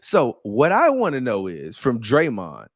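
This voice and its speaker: Animated, profane sports podcast host. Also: male voice, medium pitch, unhurried, no echo, studio quality. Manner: profane, animated, slangy trash talk. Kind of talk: casual sports commentary.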